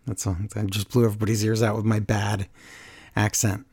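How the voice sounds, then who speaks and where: A man hosting a casual podcast, joking and teasing his co-host in quick back-and-forth banter. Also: on the low side, level tone, a little mellow, slightly rough.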